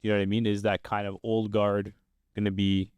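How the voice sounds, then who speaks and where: A young man hosts a casual football podcast, upbeat in role and steering the conversation with questions, though his lowish, darkish, smooth voice is delivered completely flat and briskly. The recording is dry.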